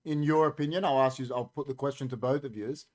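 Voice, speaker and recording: A man's voice: mid-range voice, fairly even intonation, fast talker, a little mellow. An Australian man hosting a casual podcast, chatty and opinionated, reading out comments from a live chat. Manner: talks while eating, chatty and opinionated. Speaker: podcast host.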